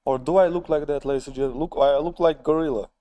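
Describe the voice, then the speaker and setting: A man with a Russian accent, a native Russian speaker, chatting on his live stream in a wry, self-mocking way and calling his viewers "ladies and gentlemen". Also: fairly high pitch, fast. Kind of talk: casual live-stream chat, reading viewer comments.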